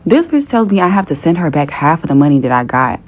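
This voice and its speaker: A woman's voice: low-pitched, big pitch swings, quick pace, darkish tone. A young woman telling a story in a casual, exasperated rant with plenty of swearing. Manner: profane, exasperated.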